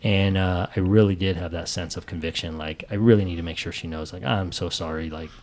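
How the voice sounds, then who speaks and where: Fast-talking man, lively storyteller. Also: low-pitched. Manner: animated storytelling, acts out his own lines. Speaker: podcast co-host. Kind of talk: casual chat.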